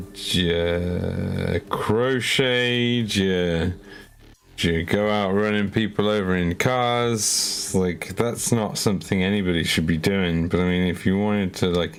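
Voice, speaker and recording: A man painting miniatures live on stream, chatting casually with his viewers in a rambling, self-mocking way with stammered repeats. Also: low voice.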